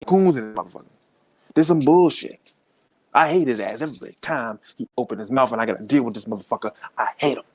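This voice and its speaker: A man's voice: mid-range voice, fast talker. Male podcast host, fired-up profane comedic rant. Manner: profane, heated, animated.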